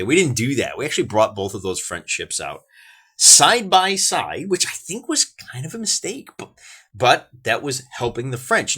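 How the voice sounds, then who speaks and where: American guy talking through a wargame, husky voice, pitch jumps all over, chatty and rambly. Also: fairly bright tone. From United States. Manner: chatty, folksy, thinks aloud with restarts. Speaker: wargaming channel host. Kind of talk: casual commentary on a wargame.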